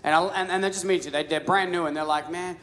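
A man's voice: sits high, steady tone, fast, a bit bright. A man preaching a sermon, telling stories casually with many restarts and repeated words. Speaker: pastor. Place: large church hall. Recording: live sermon with long hall reverb.

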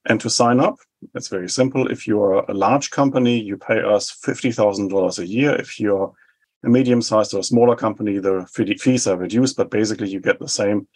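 A man in his forties with a New Zealand accent, explaining his views in a measured way in an interview. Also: on the low side, darkish tone. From Germany. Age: 40s. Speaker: think tank head. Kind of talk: interview answers.

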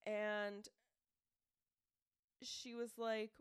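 A woman's voice: mid-range voice, little pitch movement, drawn-out words, clean tone, no room sound, studio quality. A young woman co-hosting a podcast, casually retelling a true-crime story with lots of "like"s. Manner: chatty storyteller, many "like"s. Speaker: podcast co-host telling the story. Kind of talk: casual chat.

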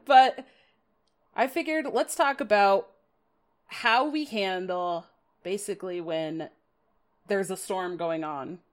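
Speaking slowly at medium pitch, this podcast host talks casually about card game strategy. She's chatty and self-deprecating, laughs a lot, and throws in dramatic quoted asides.

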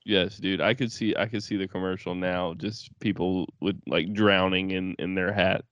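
A man's voice: low-pitched, steady tone, normal speed, a bit bright, dry recording, lo-fi sound. A young man co-hosting a podcast in casual chat, teasing his friend and asking follow-up questions. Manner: teasing, asks follow-up questions, laughs often. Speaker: podcast co-host.

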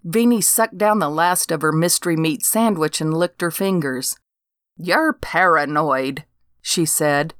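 A woman's voice: deep voice, normal speed, hardly any pauses, clear, resonant tone, no echo. An older woman reading a first-person story aloud with dry, wry humor. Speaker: narrator.

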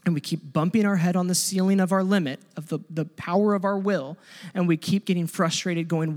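A man preaching a sermon in a church hall, his voice sitting high for a man. He moves between loud, pleading passages and quiet, intense ones. A long reverb from the large room trails each phrase. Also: steady tone, fairly quick. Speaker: pastor.

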